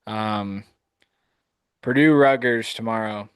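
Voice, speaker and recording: Slow-talking laid-back podcast man. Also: on the low side, a bit bright, clean tone, no room sound. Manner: laid-back, teasing, chuckling along. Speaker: podcast co-host. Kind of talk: live sports podcast chat.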